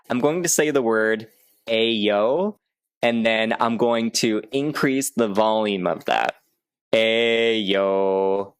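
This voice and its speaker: A man coaching public speaking in an upbeat, clear teaching manner, sometimes breaking off to demonstrate vocal exercises. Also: fairly low pitch, dry recording, studio quality. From United States. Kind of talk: instructional video talk.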